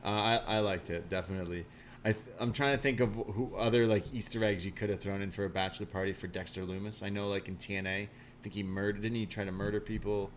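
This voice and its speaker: Man, podcast co-host, casual chat, chatty with easy laughs, lower voice, faint background hiss. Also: steady tone, fast talker. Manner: chatty, laughs easily, many "like" fillers.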